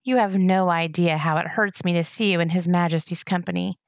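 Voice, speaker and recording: A woman's voice: lowish voice, fairly even intonation, brisk, no echo, clean studio sound, natural voice. A woman reading aloud voices a sly, wry male rat in a storybook, mocking in tone.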